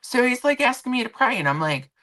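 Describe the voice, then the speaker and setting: A woman hosting a livestream, chatting casually and telling an animated story from work, acting out the people in it. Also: on the high side, fast. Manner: animated storytelling with quoted voices; rambling with restarts and asides to chat. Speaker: livestream host. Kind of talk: casual chat. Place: home.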